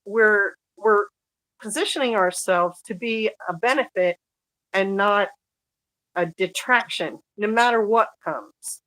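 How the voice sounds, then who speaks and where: A woman's voice: medium pitch, slow, a bit bright, no room sound, low-quality recording. A woman guest in an interview who talks earnestly and searches for words as she goes. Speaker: guest author. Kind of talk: casual conversational interview.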